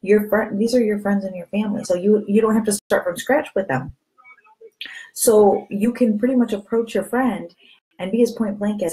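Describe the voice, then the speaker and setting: Animated woman coaching a sales team. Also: a little high, moderate pace, poor audio. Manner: animated, acts out quoted friends with voice changes; candid, chatty, repeats catchphrases. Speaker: direct sales team leader. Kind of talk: motivational sales coaching to camera.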